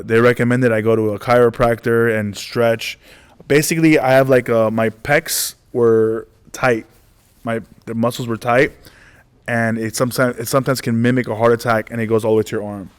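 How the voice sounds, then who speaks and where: A man in his forties, a comedian telling stories in a casual interview, rambling and animated, acting out the dialogue. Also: medium pitch, normal speed, clean tone. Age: 40s. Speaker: comedian guest.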